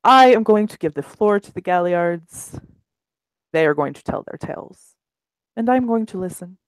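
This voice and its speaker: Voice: medium pitch, animated, moderate pace, clear, resonant tone, no echo, lightly acted, low-quality recording. A game master voicing a humble werewolf tale singer. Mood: modest. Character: male werewolf tale singer addressing a crowd.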